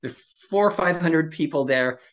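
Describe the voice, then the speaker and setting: Older man telling an animated story. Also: measured pace. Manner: animated storyteller who acts out quoted dialogue with rising pitch. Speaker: psychologist and author, podcast guest. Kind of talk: casual storytelling in an interview.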